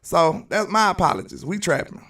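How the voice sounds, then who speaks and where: A man's voice: high voice, sing-song, normal speed, pushed and bright, recorded from a distance. A man with a Southern US accent hosting live sports commentary, arguing emphatically and repeating his points. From Alabama, US. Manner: argumentative and emphatic, repeats phrases. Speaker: sports channel host.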